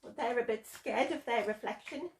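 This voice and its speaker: A woman reading a picture book aloud to children as a storyteller, gentle and expressive, often asking them questions. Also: fairly high pitch, moderate pace. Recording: roomy echo.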